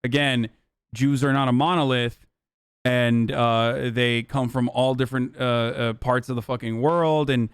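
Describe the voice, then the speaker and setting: A man's voice: mid-range voice, fairly even intonation, a little slow, clean tone, no room sound, studio quality. A male streamer giving blunt, profane, exasperated reaction commentary.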